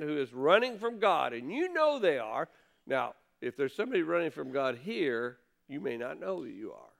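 A man preaching a sermon, earnestly, rising for quoted questions and dropping low for asides. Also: smooth. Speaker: pastor.

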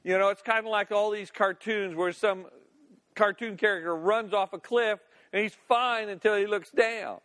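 Folksy high-voiced male preacher in a hall. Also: steady tone, normal speed, a bit bright. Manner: folksy, with playful asides and laughter. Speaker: pastor. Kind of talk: sermon. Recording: long reverb of a church hall.

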